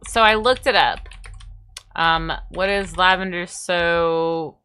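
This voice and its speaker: A woman's voice: mid-range voice, big pitch swings, unhurried, long pauses, sharp tone, clean tone. A young woman streamer chatting casually, rambling and tripping over her words. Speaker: VTuber streamer. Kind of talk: casual livestream chat.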